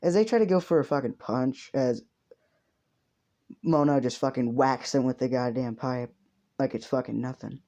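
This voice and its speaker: A man's voice: mid-range voice, moderate pace, long pauses, mellow. A young man casually improvising a story, rambling and swearing heavily.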